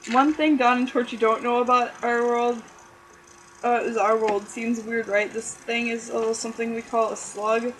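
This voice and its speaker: Woman, giggly reader, self-mocking asides, fairly high voice, faint background hiss. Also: flat delivery, normal speed, rough recording. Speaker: reader of her own childhood story. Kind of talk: reading aloud with joking asides.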